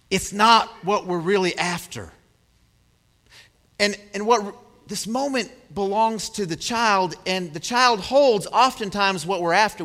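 A man's voice: sits high, in a large hall. A man preaching a sermon, chatting with the congregation and acting out scenes as he talks. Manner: conversational, checks in with the congregation; acts out scenes with big swings in loudness. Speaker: pastor.

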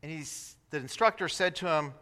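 A man preaching a sermon, telling a story in an animated way and acting out the voices of the people in it. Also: on the high side, normal speed. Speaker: pastor. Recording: reverberant hall.

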